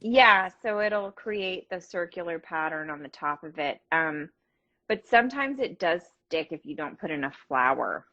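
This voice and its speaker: A woman's voice: on the low side, expressive, measured pace, sharp tone. Chatty woman on dull livestream audio. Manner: chatty, laughing, swears casually. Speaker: guest. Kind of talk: casual chat. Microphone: phone on a live video call.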